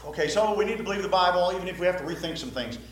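Preaching to a Baptist congregation, a man races along in an animated, high-sitting voice, emphatic and repetitive, often putting questions to his listeners. The hall is very echoey, with faint ambience.

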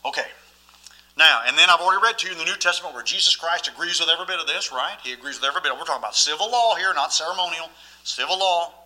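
A man's voice: a little high, very fast, sharp tone, low-quality recording. A man preaching a sermon as pastor, emphatic and often asking the listeners questions.

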